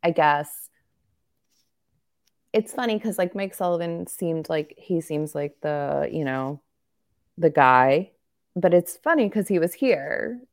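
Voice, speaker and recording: A woman co-hosts a sports podcast in a rambling, candid style, joking as she goes. Her voice sits low with a gravelly fry. A slight cough lingers in her throat. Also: expressive, takes it slowly, long pauses. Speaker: podcast co-host. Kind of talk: casual sports chat.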